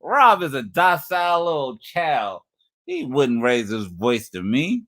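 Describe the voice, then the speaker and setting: A man's voice: mid-range voice, big pitch swings, a little slow, a bit bright. A man giving sarcastic, taunting reaction commentary on a livestream clip. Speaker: stream commentator.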